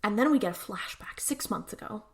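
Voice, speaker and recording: A woman's voice: medium pitch, animated, fairly quick. A young woman co-hosting a podcast, recapping an episode in casual chat full of fillers. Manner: chatty recap with many fillers and acted-out quotes. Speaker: podcast co-host.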